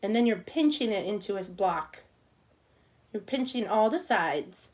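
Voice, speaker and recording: A woman's voice: medium pitch, lively intonation, unhurried. Chatty woman teaching a cupcake class. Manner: chatty, talks to herself while working, soft murmurs. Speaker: cake decorating teacher. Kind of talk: casual online class demonstration.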